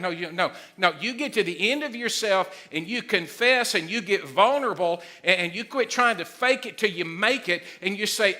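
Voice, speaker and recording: A middle-aged man preaching a sermon as pastor, excitable and emphatic, loud at times. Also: sits high, fairly quick, few pauses.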